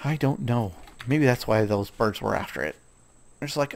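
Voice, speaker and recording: A man's voice: mid-range voice, moderate pace, gravelly. A man casually commenting on his own gameplay, chatting to himself and scolding the animals in the game.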